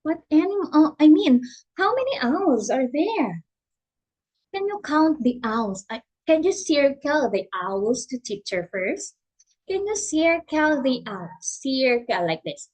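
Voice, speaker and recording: A woman's voice: sits high, very animated, takes it slowly, darkish tone. A woman teaching English to a young child online, patient and encouraging, with exaggerated prompts. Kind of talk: slow demo lesson for a young learner.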